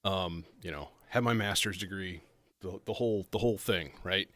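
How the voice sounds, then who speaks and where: A man's voice: sits low, normal speed, fairly bright tone. A man hosting a casual livestream about modular synths, rambling and self-interrupting as he talks. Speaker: livestream host. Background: faint synth music.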